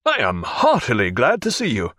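A man doing a gruff naval captain. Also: medium pitch, huge pitch swings, normal speed, bright, forceful tone, dry recording, clean studio sound, heavily acted. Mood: commanding. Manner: commanding, blunt, swearing.

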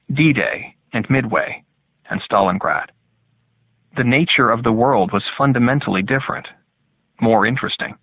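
Brief: male audiobook narrator, low and measured, thin phone-like sound. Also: dry recording. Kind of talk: scripted narration. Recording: tinny phone-like dry sound.

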